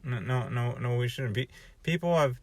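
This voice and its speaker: A man's voice: medium pitch, moderate pace, a little mellow, no echo. A man from North America giving a casual, rambling vlog monologue, thinking aloud and often restarting his sentences. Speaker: vlogger.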